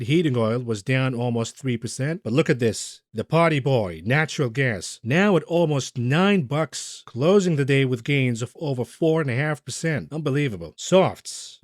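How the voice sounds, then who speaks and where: A man's voice: medium pitch, dry recording, clean studio sound. A man hosting a solo stock market recap, talking in a blunt, combative and emphatic way. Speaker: market commentary host.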